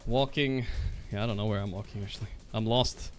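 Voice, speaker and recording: A man chatting casually to his stream while walking on a treadmill, a little out of breath, swearing and breaking into loud outbursts. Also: lowish voice, steady tone, fairly quick, faint music behind.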